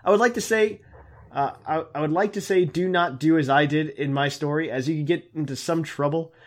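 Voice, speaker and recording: Casual podcast co-host, male, fairly high voice, laughs easily, stumbles through emails. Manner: laughs often, halting reading with fillers. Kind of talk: casual chat.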